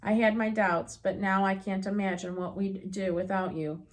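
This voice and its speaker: A gruff, kindly widowed farmer and father from a storybook, grumbling but warm-hearted, as a woman reads him. His voice sits at a middle pitch. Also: flat delivery, normal speed, close to an everyday voice.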